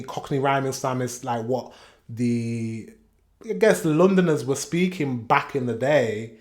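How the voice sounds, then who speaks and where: Chatty man reacting. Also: on the high side. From Yorkshire, England. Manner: chatty and rambling, with frequent self-corrections and chuckles. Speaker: reaction video host. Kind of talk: casual reaction commentary.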